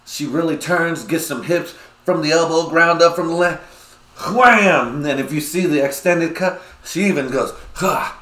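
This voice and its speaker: A man hosting his own podcast, talking in a crude, rambling, excitable way with lots of filler. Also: a little high, normal speed, few pauses. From United States. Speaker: podcast host. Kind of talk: casual solo podcast rant. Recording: echoey room.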